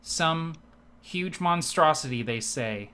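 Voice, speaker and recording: A man's voice: a little high, takes it slowly, smooth, pitched above the performer's own voice, full character voice. A man voicing a dull male dwarf bard who speaks with no inflection or weight to his words. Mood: droning. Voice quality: flat, no inflection, droning.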